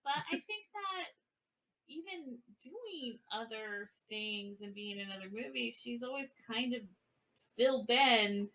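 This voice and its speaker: A woman's voice: a little high, animated, slow pace, bright, forceful tone, low-quality recording. A woman in her forties co-hosting a podcast, casually talking through a film review and thinking aloud. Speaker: podcast co-host. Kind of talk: casual movie review chat.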